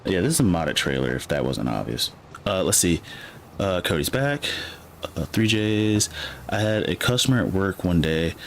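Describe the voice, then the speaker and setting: A gaming streamer from Michigan with a Midwestern American accent casually chats while playing a farming game, rambling to himself with plenty of fillers. His deep voice is animated and moves at normal speed, with a little hiss or hum in the audio.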